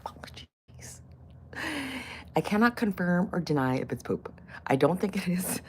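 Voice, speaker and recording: A woman in her fifties chatting casually to camera as a vlogger, loud and playful, with crude jokes and swearing. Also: lowish voice, animated, a little slow, slight background noise. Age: 50s. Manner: loud and playful, swings to loud bursts and whispers.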